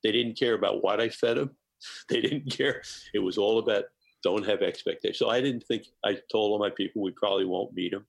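Man with a deep husky voice, warm animated storyteller guest, dry close mic. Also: brisk, dry recording, low-quality recording. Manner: animated storyteller, laughs often. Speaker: guest chef. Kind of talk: personal anecdote in interview.

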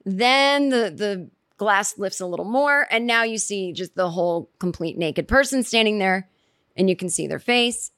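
A woman's voice: medium pitch, moderate pace, no echo. Rambling comedic woman, dry close mic. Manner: rambling, animated storytelling with quoted asides. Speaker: podcast host. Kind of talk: comedic monologue.

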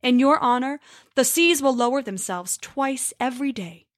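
A woman voicing a calm giant. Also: high-pitched, normal speed, no echo, studio quality. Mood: explaining. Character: huge cheerful male giant.

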